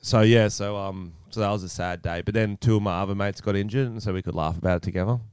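An Australian man in his thirties with a smooth, resonant voice, co-hosting a casual podcast. He tells stories with lots of energy and swearing and acts out every scene. The sound is dry and close. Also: on the low side, fast talker, dry recording. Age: 30s. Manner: animated swearing storyteller who acts out scenes. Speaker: podcast co-host.

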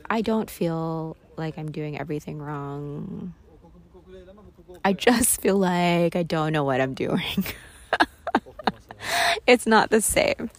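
Her low-pitched voice is expressive yet slow, with long pauses, as this weary podcast host delivers a confessional solo monologue. She's candid and self-deprecating, swearing and laughing a lot.

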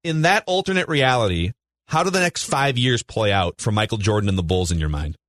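A man's voice: lowish voice, lively intonation, fairly quick, fairly bright tone, dry recording. A man hosting a sports talk radio show, upbeat as he sets up segments with long questions.

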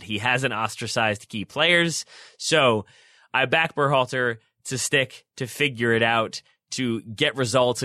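A man's voice: medium pitch, pushed and bright, no room sound, studio quality. A man co-hosting a podcast, talking through soccer tactics at length in long, run-on stretches full of restarts. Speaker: podcast co-host. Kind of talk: casual soccer analysis chat.

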